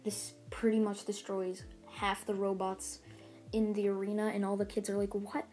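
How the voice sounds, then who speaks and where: A woman's voice: medium pitch, completely flat delivery, moderate pace, dark tone, faint music behind. A woman casually retelling a fan story, rambling along with lots of fillers and restarts.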